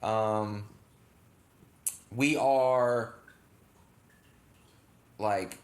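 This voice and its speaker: A man's voice: on the low side, fairly even intonation, very slow. A man co-hosting a casual reaction chat, rambling with lots of fillers and self-corrections. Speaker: channel co-host. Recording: echoey room.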